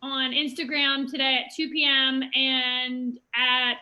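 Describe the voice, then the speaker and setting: Casual excitable woman rambling on a video call, pretty high voice, super sharp tone. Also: slow. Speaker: co-host. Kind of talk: casual chat.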